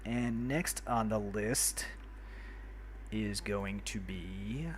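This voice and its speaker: A man's voice: fairly low pitch, very slow, slight background noise. A man from New York hosting a casual game livestream, chatty and friendly, greeting and thanking viewers by name as he plays. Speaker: livestream host. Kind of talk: casual livestream chat while playing a city builder.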